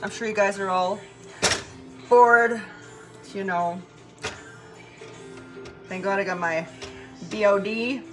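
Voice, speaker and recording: Woman vlogger, tired, casual and foul-mouthed, rambling at home with loud music behind. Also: mid-range voice, steady tone, slow, pauses often. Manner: chatty, profane, meandering, often laughing. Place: her bedroom at home. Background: music playing.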